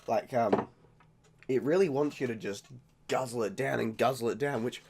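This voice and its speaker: An Australian man talking casually in a beer-tasting vlog, rambling, jokey and quick to mock himself. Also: mid-range voice, a little mellow, husky. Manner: rambling, jokey and self-mocking. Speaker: vlogger.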